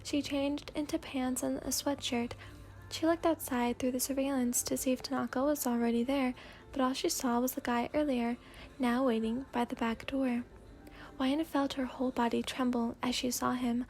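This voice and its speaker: Soft-spoken woman reading ASMR fanfic. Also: high-pitched, steady tone, moderate pace. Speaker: narrator.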